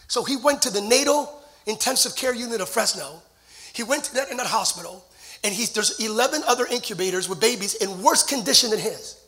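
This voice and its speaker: High bright-voiced male preacher. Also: expressive, brisk. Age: 40s. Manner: storytelling preacher who builds to shouted climaxes. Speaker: pastor. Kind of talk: sermon. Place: church sanctuary.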